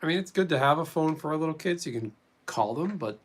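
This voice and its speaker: A man's voice: a little high, animated, fast, husky. Rambling male live streamer. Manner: rambling, chatting with viewers. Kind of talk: casual live stream chat.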